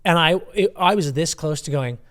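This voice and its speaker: A young man co-hosting a podcast, telling a story in an animated, casual way and swearing freely. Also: fairly high pitch, normal speed. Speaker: podcast co-host. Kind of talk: casual chat.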